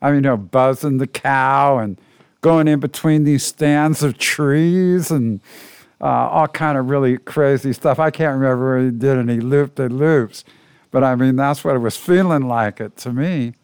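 A man co-hosting a casual podcast, telling a story at a relaxed, rambling pace with lots of "uh" fillers. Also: mid-range voice, normal speed, clear, resonant tone, no room sound, clean studio sound.

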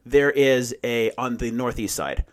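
A man's voice: medium pitch, measured pace. A man casually telling a long story, swearing freely and acting out what people said. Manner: profane, animated storytelling with acted-out quotes. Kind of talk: casual chat.

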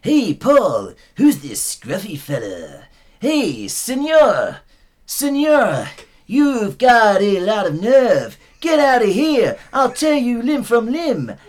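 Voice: medium pitch, huge pitch swings, slow pace, a little mellow. A performer impersonating an older male folk-rock singer in a comedy sketch, with a nasal, slurred drawl, calling everyone "man". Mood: gruff.

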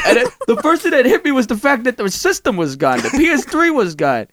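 A man's voice: very high-pitched, sing-song, brisk, fairly bright tone, no room sound, clean studio sound. A man telling a rowdy, profane story in casual chat, laughing often as he goes. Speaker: podcast co-host telling a story.

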